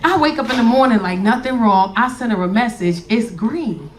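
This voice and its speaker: High-voiced, animated woman comic. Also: brisk, low-quality recording. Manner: animated, profane, bursts of loud shouting. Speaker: stand-up comedian. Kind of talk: stand-up set. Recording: live club with audience laughter.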